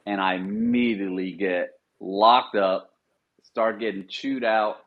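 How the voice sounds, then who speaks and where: A man's voice: takes it slowly, narrow, tinny audio. A middle-aged man, a former Marine, telling service stories in a casual interview and acting out the officers he quotes. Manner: animated storyteller, acts out quoted officers in a higher voice. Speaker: podcast guest, former Marine sniper.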